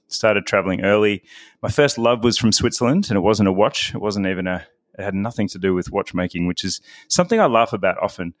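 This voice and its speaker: A middle-aged Australian man with a lowish voice, chatting as a podcast guest. He tells his own story in a loose, self-deprecating way. The sound is dry and close. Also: no echo. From Melbourne, Australia. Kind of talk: casual interview chat.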